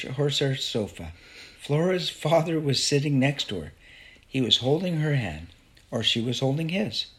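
Gravelly male storybook narrator. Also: medium pitch, bright, forceful tone. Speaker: audiobook narrator.

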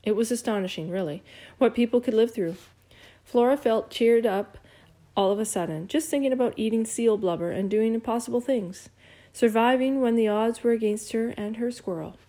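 A woman's voice: fairly high pitch, moderate pace. A woman narrating a children's storybook aloud, changing her voice for each character. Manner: lively, varies voices for characters. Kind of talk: audiobook reading.

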